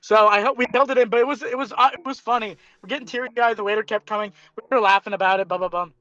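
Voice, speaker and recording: A man's voice: sits high, fairly even intonation, rapid-fire, sharp tone, dry recording, muffled recording. A young man, a guest comedian, telling self-mocking stories in a rambling, casual way. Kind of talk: casual chat.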